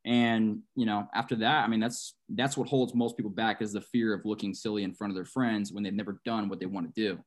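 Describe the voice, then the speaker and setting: A man's voice: on the low side, steady tone, a little fast, few pauses. A young man hosts a podcast. He asks his guest questions and talks earnestly and encouragingly, often calling him "man". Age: young adult. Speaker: podcast host. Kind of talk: casual interview talk.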